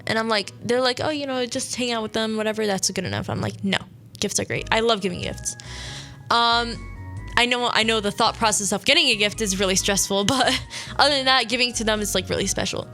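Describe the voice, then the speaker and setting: A woman's voice: fairly high pitch, brisk, pushed and bright, soft background music. A young woman hosting a radio show, telling a personal story in a casual, rambling way, correcting herself often and sniffling now and then. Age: young adult. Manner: chatty, rambling, self-correcting, many "like"s.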